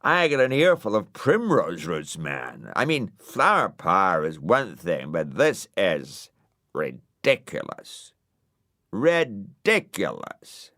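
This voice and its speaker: A man's voice: deep voice, huge pitch swings, takes it slowly, pushed and bright, dry recording, studio quality, exaggerated voice. A man voicing a drowsy, laid-back male hippie rabbit in a storybook audiobook, drawling with lots of "man" and "like". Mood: sleepy grumbling. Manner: dreamy drawl full of "man" and "like". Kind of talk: storybook character voice.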